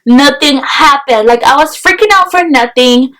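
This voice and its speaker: Young woman vlogger, high voice, chatty storytelling full of "like". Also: normal speed, low-quality recording. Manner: chatty, peppered with "like", animated retelling. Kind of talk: casual storytelling vlog.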